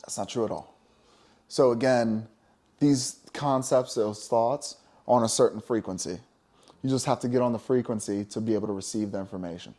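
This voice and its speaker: A man's voice: mid-range voice, normal speed, dark tone. A man co-hosting a casual spiritual talk show, talking emphatically and preaching, with many "you know?" asides. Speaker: podcast co-host.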